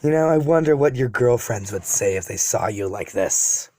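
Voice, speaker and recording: Scheming young villain guy, low and slow, bitter and taunting, dry close sound, a guy doing the voice. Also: lively intonation, dark tone, dry recording, lightly acted. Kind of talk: casual read-aloud of fan story.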